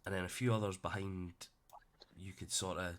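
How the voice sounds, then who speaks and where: Low-voiced game master narrating the scene. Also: male voice, normal speed, slight background noise. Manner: relaxed, sweary, narrates with fillers.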